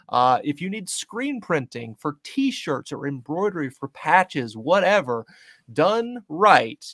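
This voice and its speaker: A chatty, enthusiastic man hosts a relaxed podcast interview. His voice sits a touch higher than most men's, and the recording is dry and close, with no room sound. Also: dry recording. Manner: enthusiastic, chatty, loud greetings. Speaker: podcast host. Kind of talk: casual interview chat.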